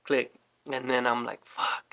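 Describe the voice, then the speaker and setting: A young man casually telling a story, animated and swearing often as he acts out what people said. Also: medium pitch, measured pace, vocal fry. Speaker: storyteller guest.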